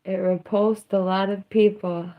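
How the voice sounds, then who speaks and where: A woman's voice: medium pitch, flat delivery, measured pace, narrow, tinny audio. A young woman hosting a casual livestream, chatting in a drawling, sardonic way that mixes jokes with confessions. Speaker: livestream host.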